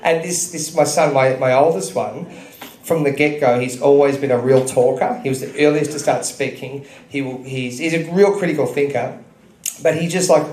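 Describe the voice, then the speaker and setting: A man's voice: on the high side, moderate pace, a little mellow. A man in his thirties giving an earnest, preachy speech to an audience at a club, telling stories. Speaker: speaker at a public gathering. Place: club function room. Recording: echoey hall.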